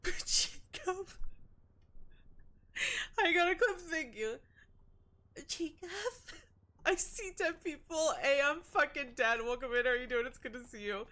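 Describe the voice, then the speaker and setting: High, bright, joking woman streamer. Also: a little slow, pauses often. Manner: joking, crude and excitable. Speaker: livestream host. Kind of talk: casual live-stream chat.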